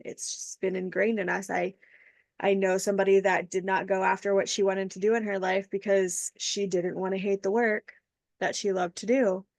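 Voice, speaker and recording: Woman host, kinda gravelly, dry sound, lots of ums, thoughtful chat. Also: medium pitch, dry recording. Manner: warm, reflective, many fillers. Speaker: podcast host. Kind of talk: casual conversation.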